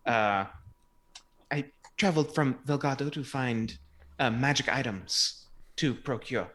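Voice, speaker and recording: A man voicing a courteous female priestess and merchant, speaking formally with halting fillers. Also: mid-range voice, a bit bright, natural voice. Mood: businesslike.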